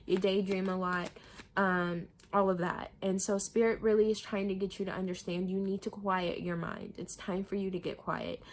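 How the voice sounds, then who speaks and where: A woman's voice: mid-range voice, a little mellow, slight background noise. A woman giving a casual tarot reading, talking straight to viewers, repeating herself and reassuring them, with the odd swear word. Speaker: tarot reader.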